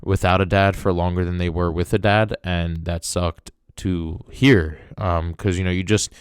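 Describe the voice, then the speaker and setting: A man's voice: sits low, steady tone, normal speed, clear, resonant tone, no room sound, clean studio sound. A young man hosting a podcast, giving a casual, emotional review in a rambling way, full of fillers like "dude" and "man". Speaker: podcast host.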